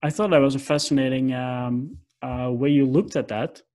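A man's voice: mid-range voice, steady tone, moderate pace, a little mellow. A hesitant male host full of fillers. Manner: hesitant, many fillers, questions trail off. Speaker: podcast host. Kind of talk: conversational interview.

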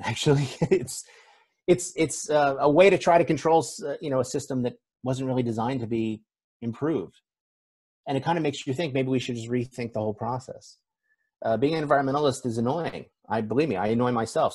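A man's voice: medium pitch, darkish tone, husky. A man speaking as a conference speaker in a conversational, self-deprecating keynote, with frequent fillers. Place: event stage.

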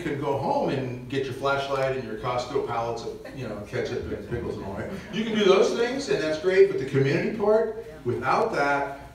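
A man giving a lively parish mission talk on preparedness, joking and acting out little scenes for the audience. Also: medium pitch, a little hiss or hum. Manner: animated, jokey, acts out little scenes. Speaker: visiting speaker on preparedness. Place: church hall. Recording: echoey church, recorded from far off.

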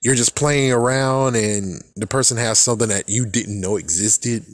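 Excitable young man rambling casually. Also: mid-range voice, normal speed, no echo. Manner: excitable, swears freely, trails off and restarts. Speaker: fan vlogger.

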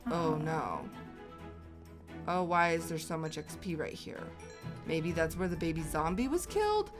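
A woman hosting a Minecraft let's play, cooing at her animals in baby talk and fretting aloud when she gets lost. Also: mid-range voice. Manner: excitable, baby-talking to animals, swings from cooing to panicked muttering. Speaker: gaming channel host.

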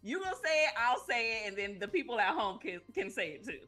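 A woman hosting a talk show, chatting casually with her guest and the audience in a lively, teasing way, saying y'all often. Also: a little high, quick pace, faint music behind. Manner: lively, teasing, laughs easily, uses y'all. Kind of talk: casual chat.

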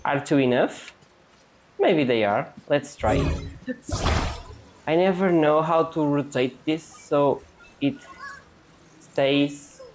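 A woman's voice: deep voice, takes it slowly, pauses often, a little mellow, slight background noise. A young woman chatting casually as she plays a video game, thinking aloud in a playful way. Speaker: gaming channel host. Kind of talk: casual gameplay commentary.

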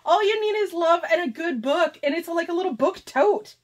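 A woman hosting a casual unboxing vlog, excitable and gushing, sometimes reading book blurbs aloud. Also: very high voice, brisk, few pauses. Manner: excitable and gushing, often near tears. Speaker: channel host.

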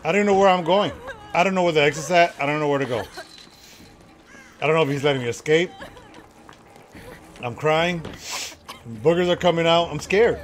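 A man streaming a horror game, reacting excitably with lots of laughter and panicked yelps. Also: on the high side, moderate pace, long pauses. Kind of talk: reacting to gameplay.

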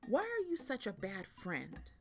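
A woman's voice: mid-range voice, very animated, slow, soft background music, pitched above the performer's own voice. A woman reading aloud, voicing a small, brave, rule-making girl shape in a sing-song storybook voice. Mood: calling.

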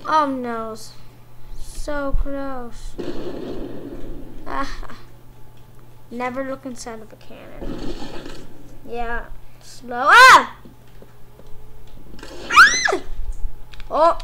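A woman commentating on her own gameplay, excitable, cheering and shrieking at what happens on screen. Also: sits high, background noise. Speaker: gaming commentator. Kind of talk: let's play commentary.

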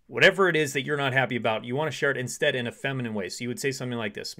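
A man's voice: medium pitch, racing, hardly any pauses. A man giving dating advice to women as a relationship coach, speaking straight to the listener and acting out short example conversations. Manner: acts out short quoted dialogues in softer voice.

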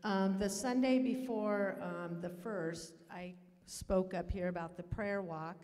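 A woman's voice: mid-range voice, fairly even intonation, takes it slowly, a little mellow, in a large hall. A woman sharing a testimony at the front of a church, speaking in an earnest, hesitant way. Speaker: church member giving testimony. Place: church sanctuary.

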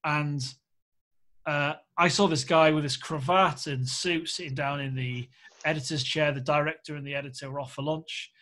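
Male filmmaker guest from Australia, candid, lively storyteller, fairly high voice. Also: moderate pace. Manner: candid, animated anecdote-teller who acts out quoted speech. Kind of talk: casual podcast interview storytelling.

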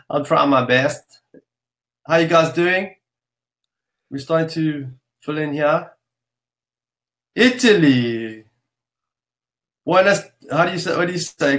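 A man hosts a live online webinar in a casual, upbeat manner. His voice sits a little high, and he speaks slowly and warmly as he welcomes each viewer. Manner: upbeat, greets viewers one by one. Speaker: webinar host.

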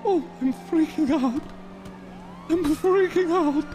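A male streamer voicing an excitable, easily frightened man in a game role-play, shrieking and pleading. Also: extremely high pitch, takes it slowly, faint music behind.

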